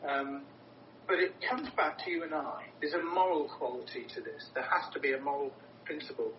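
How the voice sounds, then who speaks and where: A man preaching a sermon in an earnest, emphatic way, often repeating words for stress. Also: brisk. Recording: roomy, distant, dull with low rumble.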